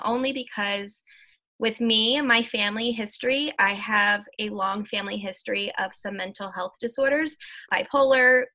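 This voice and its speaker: A woman's voice: mid-range voice, sharp tone. A woman in her thirties, a podcast guest, telling her personal story candidly, with many fillers and acted-out quotes.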